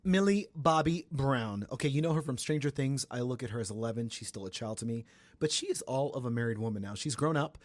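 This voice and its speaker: A young man from the Atlanta area hosting a casual celebrity gossip podcast, chatty and animated. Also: brisk, dry recording. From Atlanta area, Georgia. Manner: chatty and animated, breaks into high sung bits. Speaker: podcast host.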